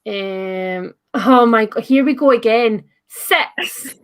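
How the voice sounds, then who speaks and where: A woman's voice: on the high side, slow pace, clear, resonant tone. A young Scottish woman hosting a cosy livestream, chatting casually with a playful, giggly, teasing manner. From Scotland. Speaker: livestream host. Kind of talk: casual chat. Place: at home. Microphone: livestream setup.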